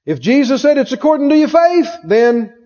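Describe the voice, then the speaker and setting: A man's voice: very high voice, sing-song, normal speed, mellow. A man preaching a sermon emphatically, repeating phrases and asking the congregation questions. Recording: dull lo-fi recording in a reverberant hall.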